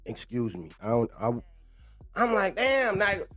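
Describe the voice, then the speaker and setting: A man's voice: high voice, wildly swooping pitch, a little slow, a bit bright, faint music behind. A young man, ranting casually on a livestream, slangy and laughing often. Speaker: livestream host.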